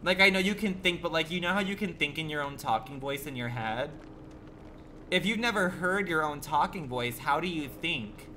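A man's voice: a little high, moderate pace, sharp tone, slight background noise. A man livestreaming a game, chatting with his viewers in a sassy, campy, profane way, full of rambling rhetorical questions. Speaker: gaming livestreamer. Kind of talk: casual stream chat.

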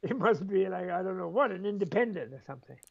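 In a quick, animated, high voice with vocal fry, an aging Buddhist scholar being interviewed chuckles through digressive stories and imitates the speakers he quotes. The top frequencies are cut off, and there's a little background noise.

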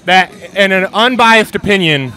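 A man joking around as a mock sports reporter, interviewing fans outdoors at a stadium tailgate with goofy, deadpan punchlines. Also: sits high, normal speed, soft background music, a faint crowd.

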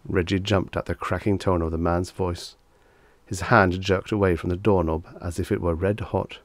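A man narrating a vintage short story as an audiobook reader, in a steady storytelling manner. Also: sits low, normal speed, no room sound.

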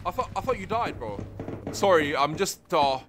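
A young man giving casual, excitable gameplay commentary as a streamer, often yelling and laughing in fright. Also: on the high side, moderate pace, background noise. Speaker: gaming streamer. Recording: loud game music underneath.

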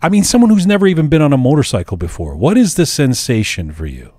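A man hosting an interview podcast, talking in a lively, playful way. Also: fairly high pitch, fast, no echo, studio quality. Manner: lively, playful, laughs often. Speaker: podcast host. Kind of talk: casual interview.

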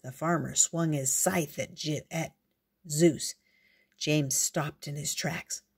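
A woman reading a picture book aloud in a gentle, unhurried storyteller's way. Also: low-pitched, fairly even intonation, slightly rough.

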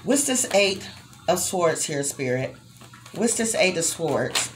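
A woman's voice: lowish voice, very animated, slow pace, slight background noise. Emphatic woman giving a tarot reading. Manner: emotional, emphatic, swears freely, speaks tenderly to the listener. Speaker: tarot reader. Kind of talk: tarot reading addressed to viewers.

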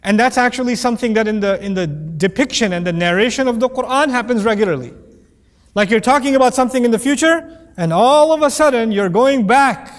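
A man's voice: extremely high pitch, animated, a little fast. Guy teaching quran commentary, casual and jokey, does little voices, long echo like a big hall. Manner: conversational and joking, acts out quoted voices. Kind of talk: lecture-style Quran commentary.

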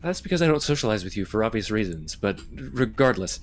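Man, sarcastic player, low voice, faint background noise. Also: big pitch swings, brisk, hardly any pauses. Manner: exasperated, sarcastic. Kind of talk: in-character tabletop play.

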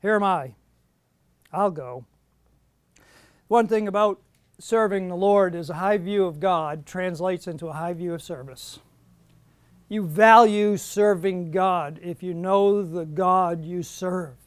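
High-voiced man teaching a Bible study. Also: measured pace, clear, resonant tone, no echo. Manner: earnest, emphatic on quoted verses.

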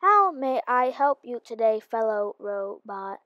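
A woman's voice: on the high side, lively intonation, measured pace, a bit bright, no room sound, highs cut off, voice pushed down. A woman voicing a polite robot bank teller with stiff, formal phrasing, in game role-play.

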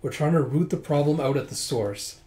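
A determined young princess who won't be left behind, voiced by a man reading aloud. Earnest and insistent, pitched a touch above an everyday speaking voice. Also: brisk, warm tone, close to an everyday voice.

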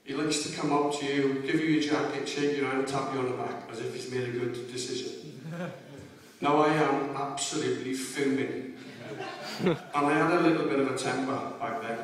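Middle-aged Welshman, after-dinner storyteller, sweary and cheeky, recorded from afar in a booming function hall. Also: fairly even intonation, normal speed. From Wales. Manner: swearing, storytelling, laughing at own tales. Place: large hotel function hall. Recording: echoey hall from far off.

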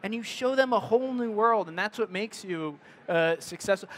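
A middle-aged man talks casually to an audience. His voice sits high, and he rambles, with many fillers and restarts as he works through his thoughts. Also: brisk, hardly any pauses, noisy background. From United States. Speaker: photographer giving a presentation.

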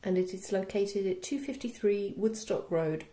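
A woman's voice: mid-range voice, moderate pace, mellow. A woman co-hosting a casual food review podcast, teasing and dry in manner. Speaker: podcast co-host. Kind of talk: casual chat. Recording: roomy echo.

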